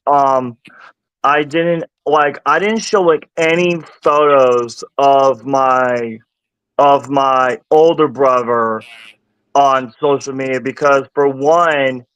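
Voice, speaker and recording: A man's voice: medium pitch, fairly bright tone, clear, resonant tone, no echo, rough recording. A man from California chatting on a live stream, telling a story in a loose, chatty way over a video call. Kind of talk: casual live-stream chat.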